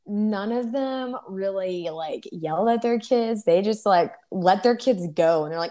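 A young woman from Florida co-hosting a podcast, telling stories in a casual, animated way and acting out the people she quotes. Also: medium pitch, a little slow, few pauses. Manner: animated storytelling, acts out quoted voices. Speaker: podcast co-host. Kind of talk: casual chat.

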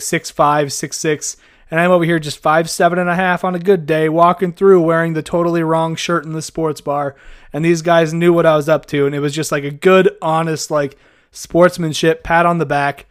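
A young man tells a funny story in a relaxed, chatty way, often poking fun at himself. His voice sits a little high. The sound is close and dry, with no room echo. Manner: chatty, self-mocking, laughs at his own story. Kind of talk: casual storytelling.

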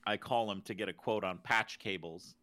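A man's voice: on the low side, moderate pace, sharp tone. A man co-hosting a podcast, chatting casually and stumbling over repeated words as he starts sentences. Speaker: podcast co-host. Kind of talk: casual chat.

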